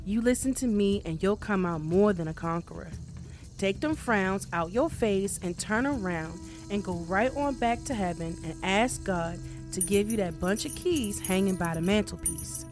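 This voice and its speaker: A woman's voice: medium pitch, moderate pace, over music, lightly acted. A woman voicing a sly male devil in a folktale who coaxes and confides with a scheme. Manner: coaxing, confiding.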